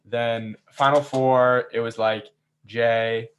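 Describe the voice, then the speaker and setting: Male host, casual after-show recap, lively storyteller who voices the players. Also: medium pitch, slow. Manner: animated storytelling, acts out players' quotes. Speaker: game host recapping a season. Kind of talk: casual chat.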